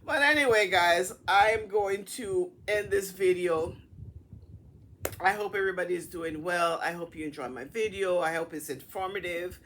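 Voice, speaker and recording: A middle-aged woman casually telling a personal story to her camera in a chatty, animated way. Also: fairly low pitch, normal speed, slight background noise. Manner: chatty, animated retelling with acted-out dialogue. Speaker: vlogger.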